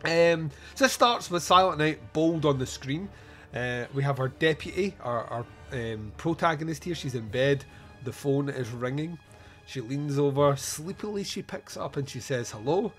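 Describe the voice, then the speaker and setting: A man's voice: on the high side, expressive, normal speed, fairly bright tone, faint music behind. A man hosting a podcast and chatting casually about a film, rambling, swearing and laughing often. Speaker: podcast host. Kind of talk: casual film review chat.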